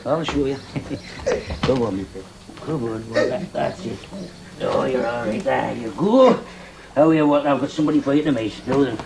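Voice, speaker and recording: A retired Geordie joiner in his later years, gruff and matter-of-fact with an everyday mid-range voice. He is practical and kindly, a down-to-earth old tradesman in a children's stage play. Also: medium pitch, noisy background. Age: older.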